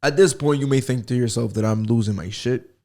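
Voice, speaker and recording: An American man in a loose solo podcast, rambling and swearing as he jokes his way from one topic to the next. His voice has a gravelly edge at the bottom and sits at an ordinary middle pitch. He speaks alone at home into a podcast microphone. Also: fairly quick, dark tone. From United States. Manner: rambling, profane, joking. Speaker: podcast host. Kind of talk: casual solo podcast monologue.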